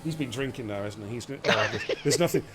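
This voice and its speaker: A man casually hosting a live online racing stream, relaxed and jokey as he talks to viewers. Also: medium pitch, quick pace, music in the background. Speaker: esports race league host.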